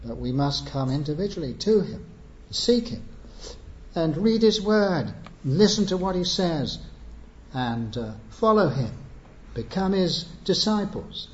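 A man's voice: on the high side, very animated, a little slow. A man preaching an evangelistic sermon, earnest and pleading, building to emphatic appeals. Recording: echoey muffled church recording.

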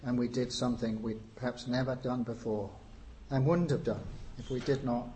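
A man preaching a sermon, unhurried, with frequent pauses and rising emphasis on key phrases. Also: medium pitch, mellow, slight background noise.

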